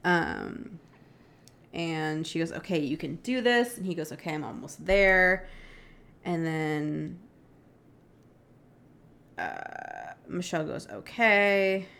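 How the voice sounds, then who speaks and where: Low-voiced woman telling a true-crime story. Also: very animated, takes it slowly, creaky, long pauses, fairly bright tone. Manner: chatty, many "like" and "um" fillers, quotes texts with "she goes". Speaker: podcast co-host.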